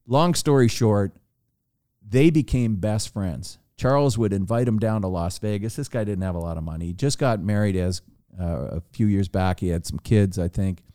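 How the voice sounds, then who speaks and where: Low mellow guy telling a golf story on a podcast, smooth and dry. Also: moderate pace, no echo. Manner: animated anecdote teller with restarts. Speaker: podcast guest. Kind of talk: casual storytelling.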